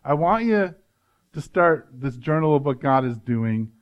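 A man's voice: on the high side, expressive, measured pace, lo-fi sound. A male pastor giving an earnest, conversational sermon, often adding "right?" to his points.

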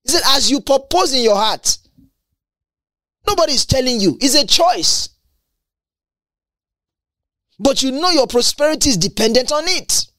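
Woman preacher, Bible teaching, lively swooping pitch, exclamatory, dry close sound. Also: normal speed, no echo. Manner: animated, exclamatory, stumbles and repeats words.

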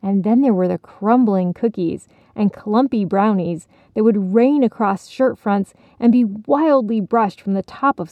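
A woman narrating a children's storybook in a measured, gently expressive way, in a dull, dry recording. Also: medium pitch, no room sound.

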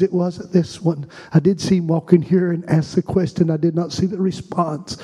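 A man preaching a sermon, moving between impassioned repeated refrains and a soft, hushed prayer voice. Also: high-pitched, slightly rough.

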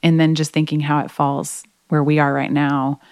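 A woman with a low, smooth voice tells a personal story in an earnest, emotional way, with plenty of fillers. She is a podcast guest, speaking close to the mic in a dry room. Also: flat delivery, normal speed, a little mellow, dry recording. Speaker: guest, singer. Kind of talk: conversational faith podcast storytelling.

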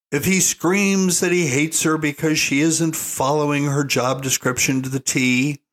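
A man's voice: a little high, fairly bright tone. An older man giving an opinionated monologue as a parenting commentator, folksy and emphatic, calling listeners "folks". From United States.

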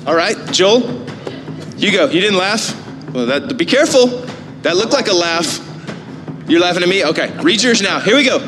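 A man leading a church crowd game, loud and excited, calling out to the crowd. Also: high voice, moderate pace, pauses often. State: out of breath. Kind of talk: energetic stage hosting. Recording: echoey hall with faint music.

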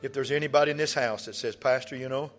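A man, preaching a sermon as pastor. He tells stories and rises to impassioned shouts. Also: medium pitch, steady tone, quick pace. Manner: storytelling, rising to impassioned shouts. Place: large church hall. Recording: reverberant church hall with soft music.

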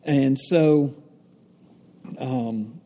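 A pastor giving a sermon, teaching from the Bible in a conversational way, with fillers and self-corrections. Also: male voice, mid-range voice, very slow, dark tone. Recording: echoey hall with long reverb.

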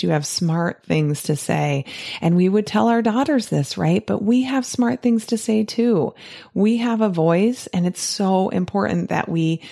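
Low-voiced, enthusiastic middle-aged woman coach. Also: gravelly, darkish tone. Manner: enthusiastic and emphatic, tag questions. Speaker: life coach. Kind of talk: reading a picture book aloud and reflecting.

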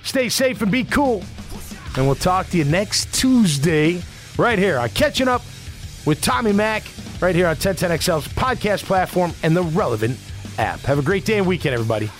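High-voiced fired-up man hosting a sports podcast. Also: animated, normal speed, faint music behind. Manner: emphatic, rambling, fired-up. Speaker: podcast host and former football player. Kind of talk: casual sports talk podcast.

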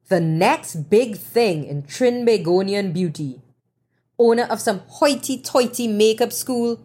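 Slow, wry woman reading a novel. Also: medium pitch. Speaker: audiobook narrator. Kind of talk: first-person novel reading.

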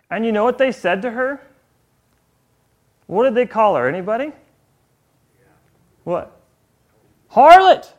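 High-voiced animated male preacher. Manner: animated, rhetorical questions to the audience. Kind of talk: sermon.

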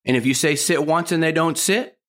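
A man's voice: a little high, a little fast, fairly bright tone. A man giving a dog training lesson, firm and plain-spoken, who repeats his key points. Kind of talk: instructional talk.

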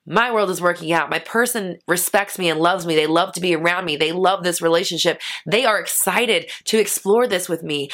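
Woman, young adult, bright clear voice, blunt, animated, casual motivational talk. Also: mid-range voice. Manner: blunt, animated, acts out worried inner voices. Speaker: manifestation coach and host.

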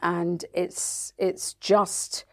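A woman's voice: on the low side, little pitch movement, drawn-out words. A woman talking casually in an interview, acting out quoted voices of parents and children. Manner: chatty, acts out quoted voices of parents and kids. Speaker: guest, NLP practitioner and author.

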